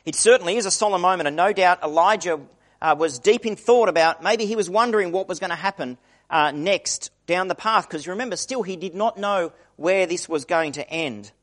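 A man's voice: high-pitched, brisk, fairly bright tone. A middle-aged man preaching a conversational sermon, acting out the quoted voices he describes.

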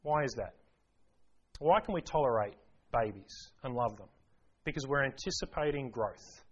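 A man's voice: medium pitch, lively intonation, normal speed, husky, dull audio. A man preaching a sermon to a congregation, emphatic, repeating key phrases and asking rhetorical questions. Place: church service.

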